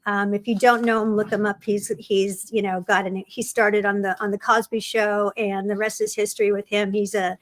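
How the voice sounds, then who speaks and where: A middle-aged woman, a guest in an interview, telling stories about her career in an animated way and acting out the people she quotes. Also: medium pitch, moderate pace, few pauses. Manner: animated storyteller, acts out quoted people, laughs often. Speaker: film writer and producer guest. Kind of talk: conversational interview storytelling.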